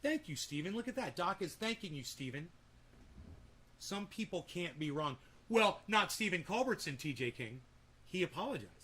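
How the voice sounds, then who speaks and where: A man's voice: high voice, very animated, normal speed, sharp tone, slightly rough. A man hosting a livestream, chatting in a rambling, laid-back way and swearing casually. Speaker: livestream host.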